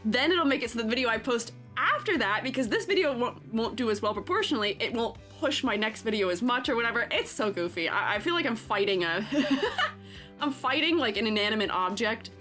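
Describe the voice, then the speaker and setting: A woman with a bright, higher voice chats on a live stream, her pitch bouncing up and down as she rambles. She giggles often and fills her talk with "like." Soft music plays faintly underneath. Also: expressive, fairly quick. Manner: giggly, rambling, full of "like" fillers. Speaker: streamer and art teacher. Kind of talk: casual live-stream chat.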